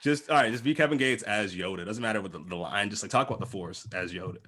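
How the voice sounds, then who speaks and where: A man's voice: lowish voice, quick pace, pushed and bright, slightly rough. A man co-hosting a podcast, talking in casual, profane banter and often breaking into laughter. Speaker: podcast co-host.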